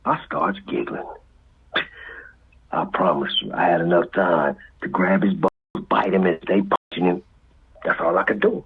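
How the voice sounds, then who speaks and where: With a Los Angeles accent and a very husky, raspy, breathy voice, a guest tells an animated street story. He acts out voices and sound effects, drops into whispers and swings his pitch widely, all on thin, phone-like audio.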